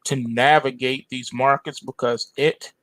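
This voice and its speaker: A man hosting an end-of-day trading report, walking through charts in an emphatic, dramatic way and often calling out to ladies and gentlemen. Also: mid-range voice, fairly even intonation, unhurried, no room sound, poor audio. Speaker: trading analyst host.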